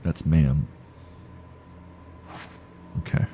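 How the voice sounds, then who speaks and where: A man's voice: extremely slow, dark tone, slight background noise. A man streaming a horror game live, reading game text aloud and joking dryly with his chat. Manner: dry, joking asides to chat. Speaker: gaming streamer.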